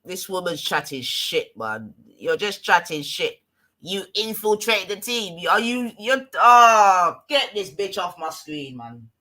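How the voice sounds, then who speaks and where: A man with a London accent hosting a livestream, ranting scornfully and loudly at people he is reacting to. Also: high-pitched, sing-song, a little slow. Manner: scornful, loud, swearing. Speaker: livestream host. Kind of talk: heated livestream rant.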